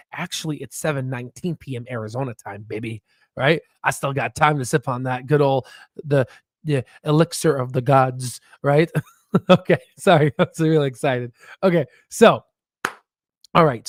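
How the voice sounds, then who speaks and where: A man hosting a stock market livestream, talking in excited bursts, laughing often and checking in with "right?". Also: on the high side, no echo, studio quality. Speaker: stock market channel host. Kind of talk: excited casual livestream commentary.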